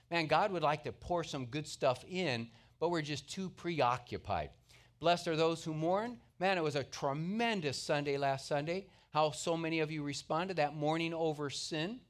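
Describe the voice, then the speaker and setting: A middle-aged male pastor preaching a sermon in an earnest, conversational way, telling stories along the way. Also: fairly high pitch.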